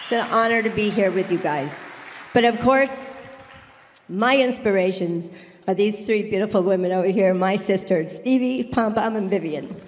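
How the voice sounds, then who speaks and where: A woman's voice: medium pitch, normal speed, in a large hall, slight background noise. A middle-aged woman giving a heartfelt, emotional award acceptance speech in a large circus tent.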